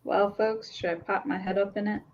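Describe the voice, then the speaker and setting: A woman's voice: mid-range voice, fairly even intonation, normal speed. Wry woman player, dull recording. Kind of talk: casual tabletop play. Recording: slightly dull recording with faint noise.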